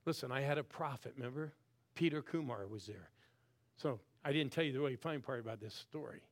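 A man in his sixties preaching a sermon, swinging from loud calls to the crowd down to soft, hushed lines. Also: medium pitch, quick pace. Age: 60s. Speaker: guest preacher.

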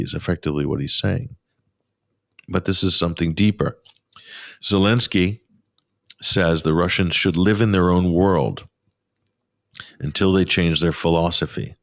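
A man's voice: deep voice, dry recording. A man hosting a radio show, giving sarcastic, scornful political commentary from a pop-up studio.

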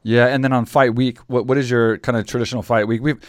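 Chatty podcast host man, smooth voice. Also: medium pitch, little pitch movement, quick pace, no room sound, clean studio sound. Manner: chatty, repeats words when asking questions. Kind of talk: casual interview with ad read.

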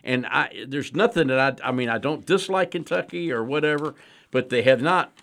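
A man co-hosting a sports talk radio show in studio, opinionated and halting with restarts. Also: medium pitch, vocal fry, a bit bright.

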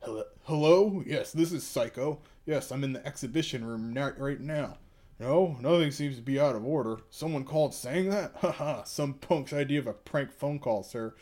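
A man's voice: medium pitch, moderate pace, darkish tone, close to an everyday voice. A man playing a hulking, dim security guard on the phone. He sounds bored and brushes things off in a casual manga read-aloud. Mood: dismissive.

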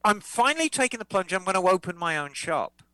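A woman's voice: medium pitch, big pitch swings, fairly quick, sharp tone, no echo, low-quality recording. A woman co-hosting a motorcycle podcast, reading listener letters aloud in a chatty, playful way. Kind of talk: casual podcast chat.

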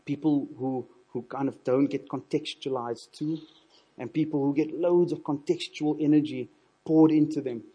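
Husky preacher, dark tone. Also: male voice, on the high side, fairly even intonation, normal speed, dull audio. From South Africa. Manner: earnest, repeats words when building a point. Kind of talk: sermon.

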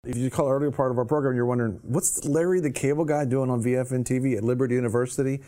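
A man hosts a TV show and sets up the next clip in an earnest, upbeat tone. He talks quickly and presses through his lines. His pitch stays in an ordinary middle range. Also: fairly even intonation, warm tone. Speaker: TV program host. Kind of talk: broadcast segment introduction.

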